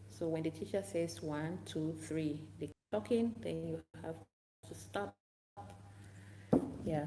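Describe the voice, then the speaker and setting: A woman English teacher giving casual tips to camera, unhurried and repetitive, acting out classroom chants aloud. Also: deep voice, vocal fry, noisy background.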